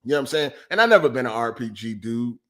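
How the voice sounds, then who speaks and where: A man's voice: mid-range voice, lively intonation, fast, fairly bright tone. A middle-aged man hosting a podcast, ranting in a heated, profane and repetitive way, exasperated. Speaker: podcast host.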